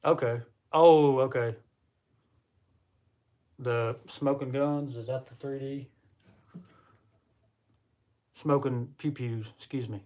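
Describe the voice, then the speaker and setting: A young man with a Southern American accent hosts a casual livestream chat, folksy and talkative, calling his viewers y'all. His mid-range voice is mellow and steady, and he talks slowly with frequent pauses. The audio comes through a computer or phone mic.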